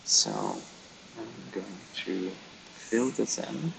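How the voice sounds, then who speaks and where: A man's voice: fairly low pitch, drawn-out words, gravelly, background noise. A man streaming live, chatting casually while he colours, chatty and self-mocking with frequent giggles.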